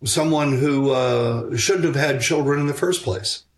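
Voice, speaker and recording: An older man, a guest author on parenting, answers interview questions about raising children in a measured, reflective way, pausing on fillers and restarting sentences. His voice is mid-range, and there's a little hiss or hum.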